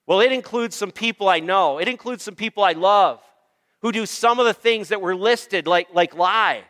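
Emphatic high-voiced male pastor preaching. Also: moderate pace, fairly bright tone, big-room sound. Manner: emphatic, repeats phrases, calls for amens. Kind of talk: sermon.

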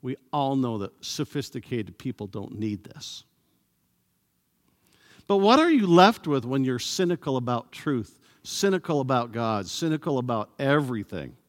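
Animated man preaching in a reverberant hall. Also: mid-range voice. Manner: animated, acts out sarcastic voices; slow, emphatic delivery with pauses. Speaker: pastor. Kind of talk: sermon.

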